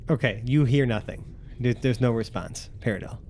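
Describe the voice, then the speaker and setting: A man's voice: medium pitch, moderate pace, a little mellow, slight background noise. A young man narrating as game master of a tabletop game, casual and full of fillers and restarts. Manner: rambling, many fillers and restarts.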